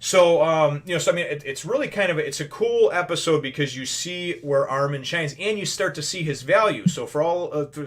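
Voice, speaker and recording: Here a man speaks briskly in a fairly high voice with few pauses. Reviewing an anime episode casually on his own channel, he rambles along, often adding "you know" and "right?" and referring to viewers as brothers and sisters.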